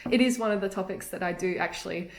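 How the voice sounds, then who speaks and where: A woman's voice: lowish voice, fast talker. A young woman, a native English speaker, giving casual spoken tips on pronunciation in a chatty way and laughing easily. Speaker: language tips vlogger. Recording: echoey room.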